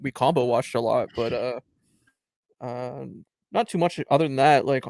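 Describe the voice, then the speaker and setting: A man hosting a casual podcast, joking around and swearing freely. His voice has a gravelly, creaky edge and sits at a middle pitch. The sound is close and dry, with no room around it. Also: normal speed, darkish tone, no room sound. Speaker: podcast host. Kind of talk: casual chat.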